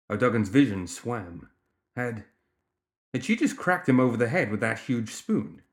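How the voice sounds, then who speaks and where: Audiobook narrator with a lively, animated read. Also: mid-range voice, moderate pace. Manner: expressive storytelling. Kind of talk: scripted narration.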